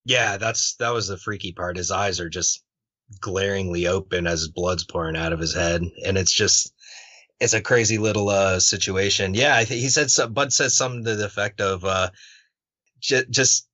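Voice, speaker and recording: A man hosting a podcast interview in a relaxed, conversational way, swearing now and then. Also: sits low, normal speed, no echo. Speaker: podcast host. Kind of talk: casual interview chat. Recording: dull muffled podcast audio.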